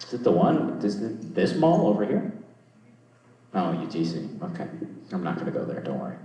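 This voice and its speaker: A man's voice: low voice, big pitch swings, normal speed, dark tone, very echoey, far from the mic, rough recording. A young man doing loose crowd work at a comedy show, rambling, swearing and mocking himself. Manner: rambling, swearing, self-deprecating. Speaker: stand-up comedian. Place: comedy club stage.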